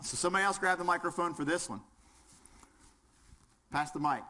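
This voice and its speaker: A man's voice: sits high, a little fast, pauses often, pushed and bright, slight background noise. A man with a Southern US accent teaching a fire service class, quizzing the audience and joking as he goes. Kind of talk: lecture with audience participation.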